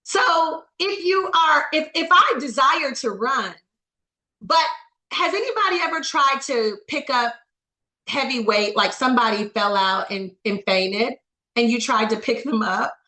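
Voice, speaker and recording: Female motivational coach, high and bright, preacher-like, calls on people by name; roomy echo. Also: lively intonation, measured pace. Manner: preacher-like, calls on listeners by name, rhetorical questions. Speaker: network marketing coach. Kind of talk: motivational training talk.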